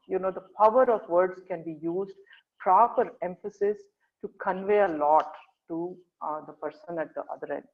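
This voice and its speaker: A presenter giving an earnest online career workshop, coaxing listeners and often checking in with a quick question. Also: medium pitch. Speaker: webinar presenter. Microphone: video call. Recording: tinny video-call audio.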